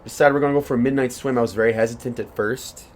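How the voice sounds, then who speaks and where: A young man co-hosts a casual podcast, racing through a rambling story full of swearing and laughter. His voice sits at medium pitch with fairly even intonation, and there's a little hiss or hum in the recording.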